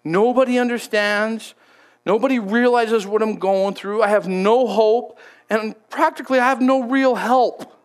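A man voicing a worn-out prophet who complains haltingly that nobody understands him. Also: high-pitched, fairly even intonation. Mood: self-pitying. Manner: complaining, faltering. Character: weary, self-pitying male prophet.

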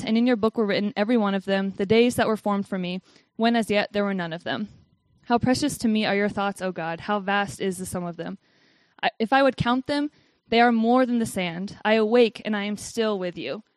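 A woman's voice: medium pitch, a little fast, dry recording. A woman giving a casual devotional talk and reading Bible verses, who says "like" a lot and laughs often. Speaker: Bible study speaker.

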